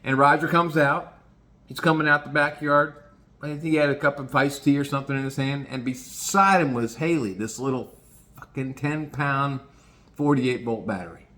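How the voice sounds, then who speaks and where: A man telling a casual story in an animated, swearing manner. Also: medium pitch, normal speed. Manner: animated, swearing, lots of restarts. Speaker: vlogger.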